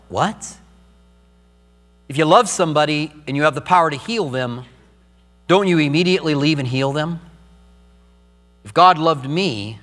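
Middle-aged pastor preaching in an echoing hall. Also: male voice, medium pitch, a bit bright. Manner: earnest, personal storytelling. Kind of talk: sermon.

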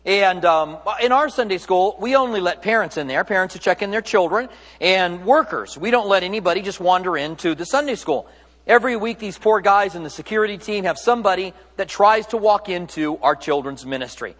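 A man's voice: sits high, animated, a little fast, fairly bright tone, in a large hall. A man delivering a sermon as a pastor in a church, speaking in a conversational, joking way and often correcting himself mid-sentence.

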